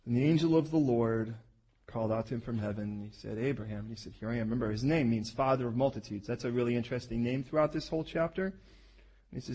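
Man, preacher, husky voice, animated sermon storytelling, acts out scripture voices. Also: a little high, quick pace.

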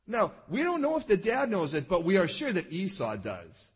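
A man's voice: high-pitched, wildly swooping pitch, moderate pace, husky. A man preaching a sermon in a conversational way, often checking that his listeners follow and acting out the lines of the people he talks about. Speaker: pastor.

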